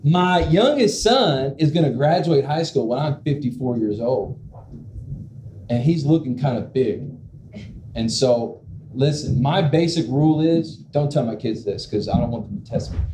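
A man in his forties preaching a humorous sermon as pastor, animated and self-mocking, with comic asides. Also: medium pitch, moderate pace. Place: church sanctuary. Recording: echoey church hall with room noise.

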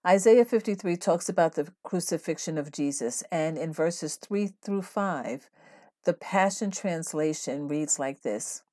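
A woman hosting a devotional podcast, teaching in an earnest, steady way and reading scripture aloud. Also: low-pitched, a little slow. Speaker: podcast host.

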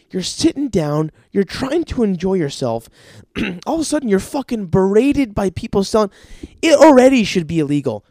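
A young man ranting on his podcast, swearing freely and sounding fed up. His voice sits a touch high for a man, and the sound is dry and close to the mic. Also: dark tone, no echo. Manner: profane, exasperated ranting. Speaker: podcast host. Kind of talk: casual ranting monologue.

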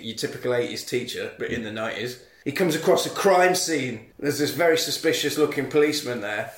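A man's voice: mid-range voice, animated, a little fast, echoey room. A man co-hosting a podcast, recapping a film in a sweary, comedic way and acting out the characters. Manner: sweary, acts out characters in silly voices. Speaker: podcast co-host.

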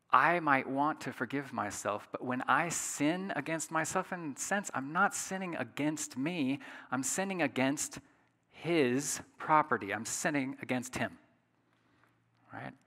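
Bright-voiced man preaching in a big hall. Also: medium pitch. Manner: conversational, emphatic, asks the audience rhetorical questions. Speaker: pastor. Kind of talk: sermon.

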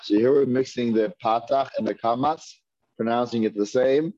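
A man teaching a Hebrew reading class, patiently repeating words slowly and asking his students questions. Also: medium pitch, dark tone, dry recording. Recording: dull lo-fi dry recording.

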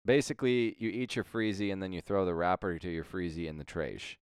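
A young man with a very deep, smooth voice leads a casual chat, pausing and filling gaps with ums as he gets going. The sound is dry and close. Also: fairly even intonation, dry recording. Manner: hesitant, filler-heavy topic lead. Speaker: podcast co-host.

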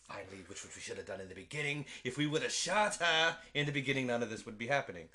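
Bright-voiced man rambling through a recap. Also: mid-range voice, animated, quick pace, hardly any pauses. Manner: rambling, laughs often, swears freely. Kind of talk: casual movie recap chat.

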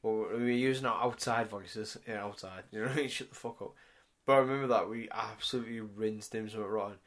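A man's voice: on the low side, fast, fairly bright tone. Young lad on a pod, swears, laughs through his stories. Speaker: podcast co-host. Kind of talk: casual chat.

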